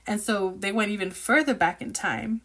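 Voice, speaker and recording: Chatty, excitable woman reacting to a book. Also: mid-range voice, normal speed. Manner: chatty, excitable, opinionated and rambling. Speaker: book reviewer reacting while reading. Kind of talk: casual book reaction chat.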